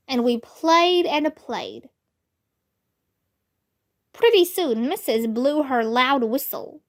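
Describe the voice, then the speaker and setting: A woman reading a children's book aloud in a slow, expressive storytelling manner. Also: high-pitched. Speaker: storybook reader.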